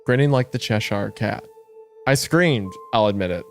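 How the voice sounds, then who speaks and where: Faint music plays behind a man co-hosting a casual horror podcast at a moderate pace. He chats and laughs, then reads the story narration aloud in a lower, hushed voice.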